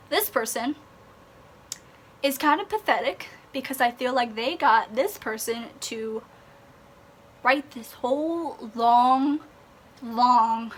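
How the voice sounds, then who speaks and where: A woman's voice: a little high, fairly bright tone, a little hiss or hum. A young woman ranting in a vlog, exasperated and sarcastic, sighing and swearing. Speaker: vlogger.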